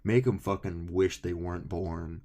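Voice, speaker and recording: A man's voice: low-pitched, fairly even intonation, normal speed, warm tone. A young man co-hosting a casual podcast, swearing freely and acting out his own phone calls as he tells a story. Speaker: podcast co-host.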